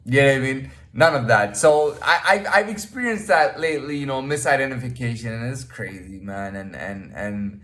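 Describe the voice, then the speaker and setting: Guy rambling at the camera, mid pitch, keeps restarting, trails off mumbling. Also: lively intonation, moderate pace, hardly any pauses, fairly bright tone. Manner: rambling, with many restarts and "you know what I mean". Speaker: vlogger. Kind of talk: casual monologue to camera.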